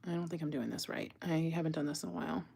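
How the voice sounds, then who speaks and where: A woman's voice: deep voice, level tone, very fast, gravelly, heavy background noise. A woman hosting a live jewelry-making stream, chatting casually and rambling to her viewers as she works. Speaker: jewelry-making livestream host. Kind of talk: casual live crafting chat.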